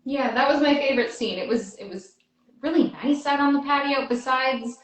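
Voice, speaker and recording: A woman actor chats on a livestream in a halting, hesitant way, her voice pitched a bit high. The recording has a roomy echo around her. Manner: halting, hesitant, stumbles over words. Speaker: actor guest. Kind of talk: casual livestream chat.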